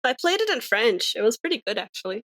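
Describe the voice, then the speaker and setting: A woman co-hosting a casual podcast, mostly answering with short, soft-spoken agreeing remarks. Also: fairly high pitch, big pitch swings, quick pace, no room sound. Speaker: podcast co-host.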